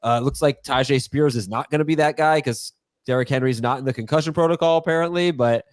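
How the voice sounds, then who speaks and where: A man hosts a live call-in style sports show, talking in a loose, chatty way full of small fillers. His voice sits at an ordinary pitch and sounds dry and close, with no room around it. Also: fast, no room sound. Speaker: host. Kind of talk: casual live Q&A chat.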